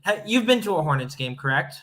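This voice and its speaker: A man's voice: on the high side, sing-song, fast, fairly bright tone. A man co-hosting a casual sports podcast, teasing his partner and laughing often. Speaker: podcast co-host.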